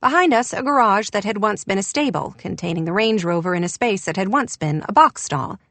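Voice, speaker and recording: A woman's voice: medium pitch, expressive, brisk, fairly bright tone, dry recording. A woman reading an audiobook in a wry, descriptive narration. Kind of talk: scripted narration.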